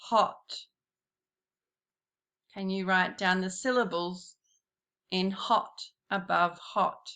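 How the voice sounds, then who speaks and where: A woman giving a slow, patient classroom lesson, talking straight to her pupils. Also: medium pitch, fairly even intonation, sharp tone. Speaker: primary school teacher.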